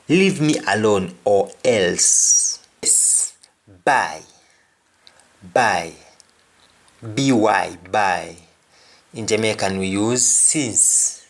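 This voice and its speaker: A man teaching a spoken language lesson, saying each example phrase twice and then explaining its meaning. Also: fairly low pitch. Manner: deliberate, explanatory delivery.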